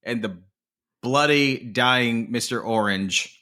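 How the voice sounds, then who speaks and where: A man co-hosting a casual film podcast, retelling a movie scene in animated detail with plenty of swearing. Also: mid-range voice, takes it slowly. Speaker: podcast co-host.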